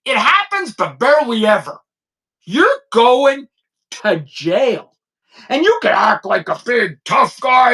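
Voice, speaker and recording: A man's voice: very high-pitched, very animated, measured pace, pushed and bright. A middle-aged man and former detective hosting a podcast, ranting emphatically and combatively, and checking in with the listener again and again. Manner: emphatic, combative, keeps asking "okay?". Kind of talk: opinionated podcast rant.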